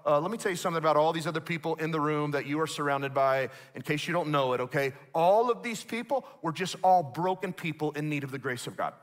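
Guy pastor preaching in church, kinda high bright voice, chatty and emphatic. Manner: emphatic, conversational preaching with asides to the congregation. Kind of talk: sermon. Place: church auditorium.

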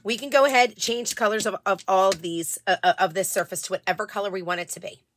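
A woman hosting a casual live craft stream, chatting warmly with viewers and often restarting her sentences. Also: mid-range voice, fairly even intonation, fast talker, slight background noise. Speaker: live-selling craft host.

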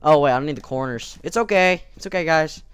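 Quick-paced and animated, a young gameplay video host rambles casually through let's-play commentary, addressing both himself and the game. His voice is a little high, fairly bright and smooth, cracking often, with no room sound.

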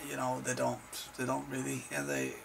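A man's voice: mid-range voice, completely flat delivery, normal speed, gravelly, background noise. A tired man who has not slept, rambling and swearing through casual chat as a video host. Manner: swears freely, rambles and jokes. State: tired from lack of sleep. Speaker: video host answering viewer questions.

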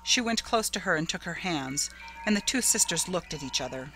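A woman narrates a classic ghost story in a steady, measured way. Her voice is fairly low yet bright and crisp in tone. A faint bed of music sits behind her. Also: rough recording.

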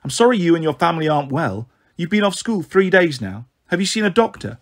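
A man playing a kind, gentle male schoolteacher who speaks calmly. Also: fairly high pitch, a little fast. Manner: gentle, calm.

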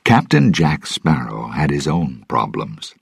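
Slow, deep-voiced male storyteller with a gravelly, husky voice. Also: very animated, dry recording, studio quality. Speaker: narrator. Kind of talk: storybook narration for English learners.

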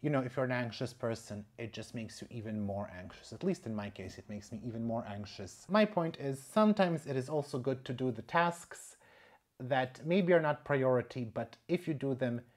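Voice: mid-range voice, lively intonation, normal speed. Chatty plant vlogger in an echoey room. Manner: chatty, rambling, talks to self. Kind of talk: casual vlog chat. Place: indoors among plant tents.

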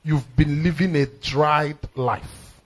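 A Nigerian-accented pastor preaches a live prophetic sermon, commanding and emphatic, repeating phrases and erupting into shouted declarations. His voice is on the high side, slow, with fairly even intonation, in a rough recording.

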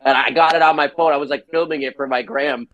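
Animated storytelling man from New Jersey. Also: fairly high pitch, quick pace, lo-fi sound. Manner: animated storyteller acting out quoted dialogue. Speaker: guest musician. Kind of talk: casual chat.

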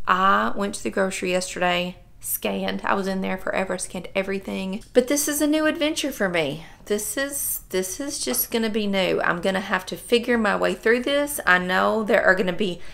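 Woman, 50s, casual vlog chat, bright tone, animated and folksy. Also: mid-range voice, normal speed, gravelly, few pauses. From Southern United States. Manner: chatty and animated, laughs often, folksy phrasing. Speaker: vlogger.

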